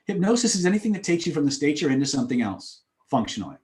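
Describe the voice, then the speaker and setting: A man's voice: a little high, fast, hardly any pauses. A man giving a live seminar on influence, telling stories in an emphatic, repetitive way. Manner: animated, emphatic, repetitive phrasing. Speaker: influence trainer. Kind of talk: live seminar talk with storytelling. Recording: echoey room.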